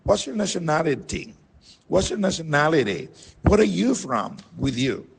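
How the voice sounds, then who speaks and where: Man, English teacher, husky voice, creaky, reading word drills deliberately. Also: a little high, very animated. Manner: slow, deliberate, repeats words for practice.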